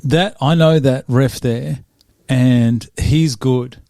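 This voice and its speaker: A man's voice: mid-range voice, slow, mellow, dry recording, clean studio sound. A man hosting a podcast, joking and rambling in casual chat, often breaking off mid-sentence. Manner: joking, rambling, self-interrupting. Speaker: podcast host.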